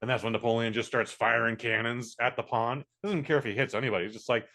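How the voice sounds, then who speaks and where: A man's voice: mid-range voice, fairly even intonation, fast, hardly any pauses, sharp tone. A man casually reviewing a film on a podcast, rambling with many fillers and restarts. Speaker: podcast co-host. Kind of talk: casual movie review chat.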